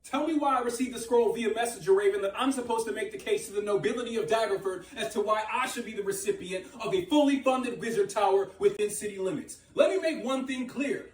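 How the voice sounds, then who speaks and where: A man's voice: high voice, fast talker, few pauses, natural voice. A man voicing a defiant male wizard candidate speaking to the town. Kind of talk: in-character campaign speech. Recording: roomy, distant, faint music behind.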